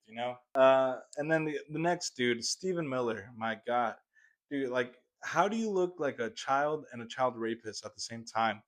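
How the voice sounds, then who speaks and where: A man's voice: mid-range voice, moderate pace. Profane, rambling young man ranting. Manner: profane, rambling, laughs often. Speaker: podcast host. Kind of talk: casual comedy podcast rant. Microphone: podcast mic.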